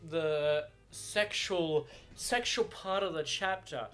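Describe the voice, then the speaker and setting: A man's voice: a little high, slow pace, fairly bright tone, faint music behind. A man chatting casually on camera about a book he is reading, bubbly and giggly, with many fillers and restarts. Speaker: book reviewer. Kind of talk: casual book reaction chat. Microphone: camera mic.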